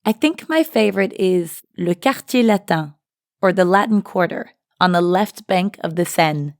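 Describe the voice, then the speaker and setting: A woman with a fairly low voice co-hosts a scripted language lesson, walking through each phrase in a friendly, explanatory way. The sound is dry and close to the mic. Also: lively intonation, normal speed, no echo. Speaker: language teacher and co-host.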